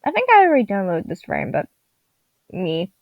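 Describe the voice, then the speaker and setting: Tired and groggy, a young woman who vlogs digital art gives casual commentary as she draws at home late at night, rambling and giggling. Her medium-pitched voice swoops wildly at normal speed, caught dry on a dull lo-fi home mic.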